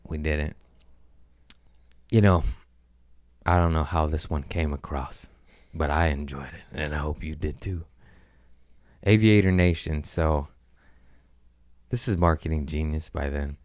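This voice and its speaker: A man's voice: a bass voice, a little slow, long pauses, dry recording, studio quality. A man hosting a podcast, telling comic stories casually with lots of swearing and put-on voices. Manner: rambling, profane, animated impressions. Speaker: podcast host. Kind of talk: casual comedic storytelling.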